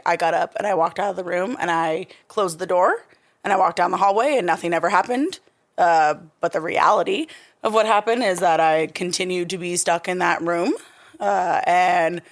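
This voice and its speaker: A young woman speaks as a podcast guest, telling her own story in a frank, soft-spoken way with plenty of fillers. Her voice sits a little low for a woman. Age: young adult. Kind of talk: personal storytelling interview.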